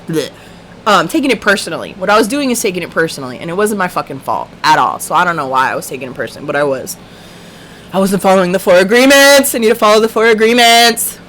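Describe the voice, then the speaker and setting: A woman's voice: mid-range voice, sharp tone, a little hiss or hum. A woman hosting a livestream, telling a story in a casual, profane, ranting way. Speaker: livestream host.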